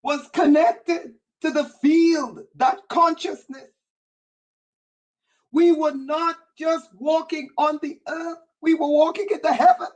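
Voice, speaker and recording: A woman with a very high voice preaches fervently on a livestream, her words drawn out slowly. She builds in repetitive waves and breaks into yelling as she goes. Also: steady tone, rough recording. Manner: impassioned, often yelling, repetitive preaching cadence. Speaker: spiritual teacher on a livestream. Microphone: livestream setup.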